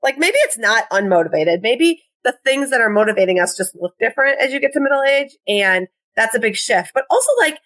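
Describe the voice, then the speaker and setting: A woman's voice: on the high side, animated, brisk, few pauses, fairly bright tone. A woman in her forties with a Midwestern American accent, a podcast guest chatting casually with lots of "like" fillers and self-deprecating asides.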